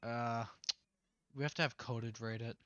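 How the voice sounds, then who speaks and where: A man's voice: mid-range voice, fairly even intonation, measured pace, a bit bright, dry recording, lo-fi sound. A young man playing games with a friend on a livestream, talking bluntly and swearing a lot. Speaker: co-player on stream. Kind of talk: casual gaming chat.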